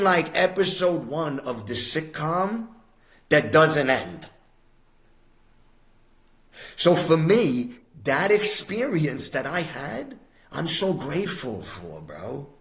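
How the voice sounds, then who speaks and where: Speaking at a fairly high pitch, a middle-aged man from the USA shares a personal story as a podcast guest. His delivery is animated and streetwise, often addressing the host as "bro" or "my brother."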